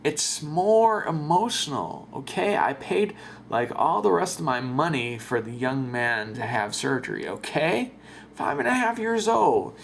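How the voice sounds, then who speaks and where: A man voicing a rambling, excited middle-aged radio caller who talks slowly and halting, repeating himself in a comic voice-over dub. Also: fairly high pitch, vocal fry, slight background noise, full character voice.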